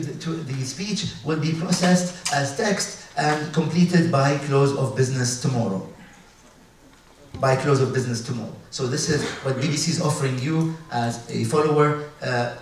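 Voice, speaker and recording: A man from the UAE gives a talk at a conference, pausing often and restarting his sentences. His voice sits at a middle pitch. It reaches the mic from a distance, in a large hall full of echo with a faint noise underneath. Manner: halting, many fillers and restarts. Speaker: conference speaker.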